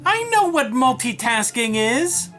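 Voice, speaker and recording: A man plays an exasperated straight man in a comedy sketch. His bright voice moves about in pitch, and he stays curt and deadpan. Faint music sits behind him. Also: unhurried, exaggerated voice. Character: exasperated, impatient man on a pirate broadcast.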